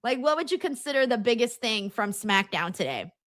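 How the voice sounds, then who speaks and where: A woman's voice: a little high, big pitch swings, fairly quick, fairly bright tone, no room sound, studio quality. A Californian woman hosting a casual live watchalong, chatting and reading viewer comments aloud with lots of "like" and "um". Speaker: host.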